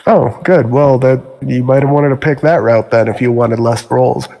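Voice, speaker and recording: A man narrating a tabletop game as game master in a measured, dry manner. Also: medium pitch, dark tone, in a large hall.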